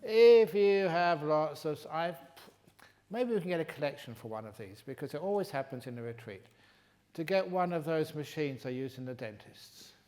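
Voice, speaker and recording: An older man from England leading a retreat Q&A, teaching in a humorous, teasing way that turns gentle and reflective. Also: fairly high pitch, lively intonation, moderate pace. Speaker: meditation teacher answering questions. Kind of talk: retreat Q&A talk. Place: retreat hall.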